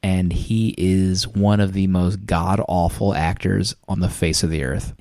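A man's voice: sits low, fairly even intonation, measured pace, a little mellow, no room sound, studio quality. A man co-hosting a casual movie review podcast, ranting in joking disbelief with crude humor. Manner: incredulous, jokey, crude ranting.

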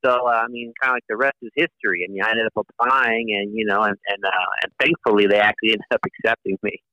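A man's voice: fairly low pitch, steady tone, fast talker, sharp tone, no room sound, poor audio. A man in his forties, a Navy lawyer, telling his story in a casual interview with many fillers and restarts. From United States.

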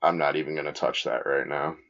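A man's voice: rumbling low, steady tone, a little fast, over a noisy crowd. A man co-hosting a podcast from a small home studio, giggly and blunt in his crude banter. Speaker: podcast co-host. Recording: dull lo-fi recording.

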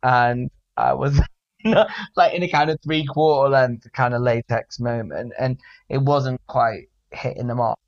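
A man's voice: mid-range voice, fairly even intonation, a little slow, muffled recording. A man co-hosting a podcast in casual chat, camp and giggly, rambling with many fillers. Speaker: podcast co-host.

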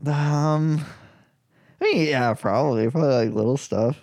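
A man's voice: fairly high pitch, a little slow, a little mellow, no room sound, studio quality. A young man chatting casually, slangy and joking in banter. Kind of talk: casual chat.

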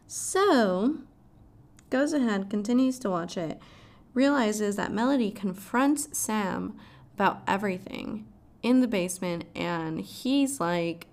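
A woman's voice: mid-range voice, animated, slow pace, darkish tone. A woman casually recapping a show's plot, swearing freely and adding dramatic asides. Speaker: show recap vlogger.

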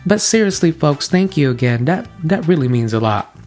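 A young man in his twenties hosting a podcast, telling a story in an animated, playful, self-mocking way. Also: fairly high pitch, normal speed, soft background music. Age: 20s. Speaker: podcast host.

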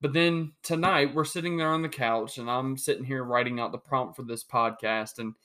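A young man talks through his solo sports podcast in a lively, joking way, often restarting his sentences. His voice sits in an ordinary middle pitch. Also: normal speed. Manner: animated, joking, with many restarts. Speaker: podcast host.

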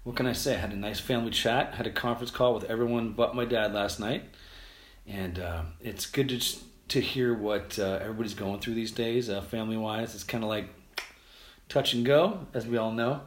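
An American man hosting a podcast, talking casually and quickly, rambling with restarts and fillers. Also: on the low side, steady tone. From United States. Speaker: podcast host. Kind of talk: casual solo podcast monologue. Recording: roomy echo.

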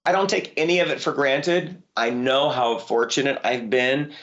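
A man who works as a voice actor, telling lively stories in an interview, his voice leaping high when excited. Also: normal speed, dull audio. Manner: animated storyteller, voice jumps high when excited. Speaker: voice actor guest. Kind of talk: interview conversation.

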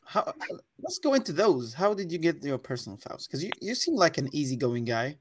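A man co-hosting a podcast, teasing his guest with quick banter. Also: a little high, sing-song, a little hiss or hum. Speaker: podcast co-host. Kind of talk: casual podcast chat.

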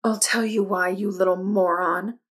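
A stuck-up teenage girl who talks down to everyone, as a woman reads her aloud. The storybook voice is mid-pitched with a gravelly texture. She keeps a snippy, superior tone. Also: steady tone, normal speed, lightly acted. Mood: hissing, angry. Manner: condescending, snippy. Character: haughty, bossy teenage girl actress.

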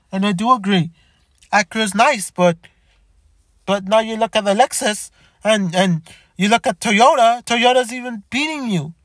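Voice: medium pitch, no room sound, clean studio sound. A car vlogger ranting in exasperation, often stumbling, restarting sentences and repeating "come on.". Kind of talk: opinion rant to camera.

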